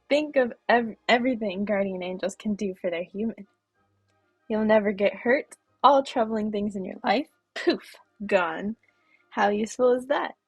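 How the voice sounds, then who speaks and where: A woman voicing a boastful, teasing male guardian angel with old-man energy while reading game dialogue aloud, in a gravelly, husky voice. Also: mid-range voice, no room sound.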